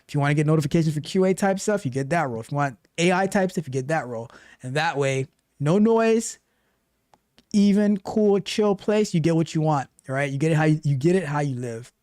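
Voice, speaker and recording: A man hosting a casual tech livestream, reading chat aloud and talking in an animated way, often repeating himself. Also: a little high, fairly quick, dry recording, studio quality. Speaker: livestream host and tech coach.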